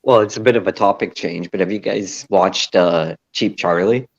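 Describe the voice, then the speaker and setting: A man in a casual chat, speaking haltingly with frequent restarts. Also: low voice, creaky, lo-fi sound. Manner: hesitant, restarts often. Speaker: podcast co-host.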